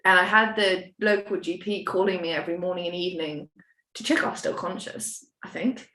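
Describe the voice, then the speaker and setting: A young British woman chats on a podcast, candidly rambling through her story with self-mockery and the odd swear word. Her low-leaning voice is steady, brisk and sharp in tone. The recording carries a roomy echo.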